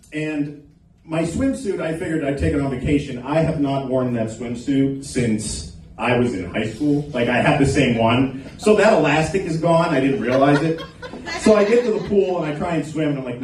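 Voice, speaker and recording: A man's voice: a little high, a little mellow. A man doing an open mic stand-up set in a small comedy club, crude and teasing the crowd. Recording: echoey club, recorded from a distance.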